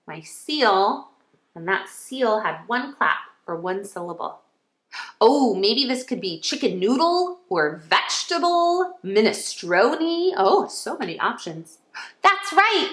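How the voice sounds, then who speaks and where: Slow, sing-song kindergarten teacher woman. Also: on the high side, a bit bright, roomy sound. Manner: cheerful, encouraging, stretches sounds for children. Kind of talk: slow, sing-song phonics lesson for young children.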